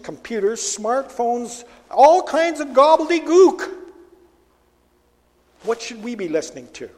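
A man's voice: high-pitched, a little mellow, long reverb tail. A man delivering a sermon, preaching emphatically and posing rhetorical questions to his listeners.

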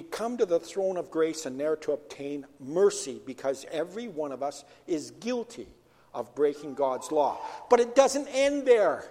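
A man's voice: high voice, lively intonation, moderate pace. A man preaching a sermon as pastor, asking rhetorical questions and answering them himself. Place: church sanctuary. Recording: long church hall reverb.

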